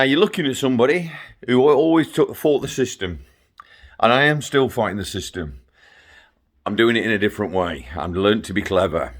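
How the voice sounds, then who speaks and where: Middle-aged dad giving a rambling, ranting video update, lively and up-and-down in pitch. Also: male voice. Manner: ranting, chatty, self-interrupting with laughs and asides. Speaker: father vlogging to his sons.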